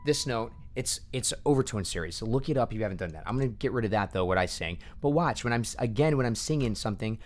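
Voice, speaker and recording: A man coaching a choir on singing, talking quietly at home at night and losing his voice a little. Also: mid-range voice, animated, quick pace, hardly any pauses. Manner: quiet, hushed speech to avoid waking kids. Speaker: vocal coach. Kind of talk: casual coaching talk over recordings.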